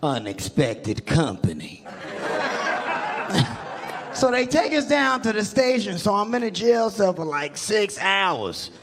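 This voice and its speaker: A young man doing a stand-up set on a comedy club stage, animated storytelling with loud bursts, on a handheld mic. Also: sits high, moderate pace, few pauses, a loud crowd, very noisy.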